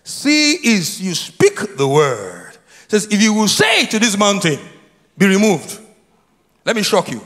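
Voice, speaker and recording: A pastor delivers a call-and-response sermon in a church sanctuary, repeatedly asking questions for the congregation to answer and repeating key phrases again and again. His high, slightly bright voice swings hugely in pitch at a measured pace, with long reverb from the hall.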